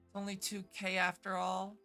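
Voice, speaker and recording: Woman streamer, bright forceful voice, chatty and profane, reads and answers chat. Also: mid-range voice, monotone, normal speed, soft background music. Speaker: game streamer. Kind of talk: casual live-stream chat.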